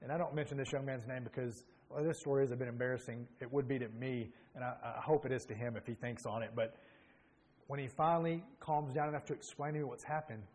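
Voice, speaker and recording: A middle-aged man tells his own story from the pulpit. He speaks in a pitch that sits right in the middle of the range. His telling is earnest and reflective, full of small restarts and um's as he works through old memories. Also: steady tone, quick pace, a little mellow. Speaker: preacher giving his testimony. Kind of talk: testimony sermon.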